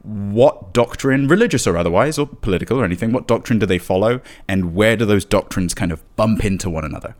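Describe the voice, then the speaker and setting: A man with a fairly low voice, chatting as a guest on a podcast about running tabletop games. He talks in a loose, rambling way and breaks into laughter often. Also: fast talker, hardly any pauses. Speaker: guest, dungeon master of a tabletop actual-play show. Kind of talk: casual podcast interview chat.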